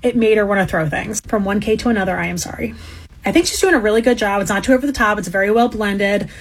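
A woman's voice: medium pitch, quick pace, breathy edge. A woman, talking in a chatty, upbeat way. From Delaware County, Pennsylvania. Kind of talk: casual spoken message.

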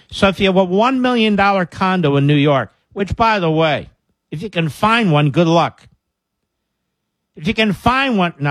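A man's voice: mid-range voice, dry recording. Sarcastic male talk radio host. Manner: sarcastic, combative, reads news aloud and rants.

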